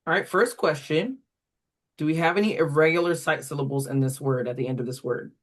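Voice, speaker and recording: A reading program instructor giving a walkthrough to tutors, deliberately sounding words out syllable by syllable. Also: medium pitch.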